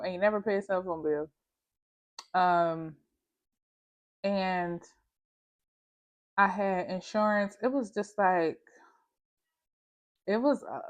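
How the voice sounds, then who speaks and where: A woman vlogger telling a personal story in a candid, slangy, emphatic way, talking straight to the viewer. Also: mid-range voice. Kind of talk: casual storytime monologue.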